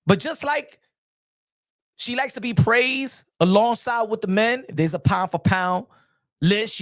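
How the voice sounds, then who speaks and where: A man hosting a boxing channel, giving casual, animated commentary in slangy street talk and repeating phrases for emphasis. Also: sits high, no room sound, studio quality.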